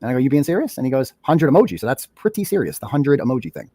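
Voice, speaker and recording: A man's voice: mid-range voice, sing-song, racing, mellow. A man sarcastically retelling a text exchange in a casual recap, with a mocking manner. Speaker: commentator reading his own text messages.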